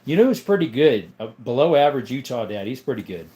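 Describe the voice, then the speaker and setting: A man's voice: mid-range voice, very animated, quick pace, mellow. A man hosting a casual livestream, chatting loosely, joking and reading chat messages aloud. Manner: rambling, jokey, reads chat aloud. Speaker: livestream host.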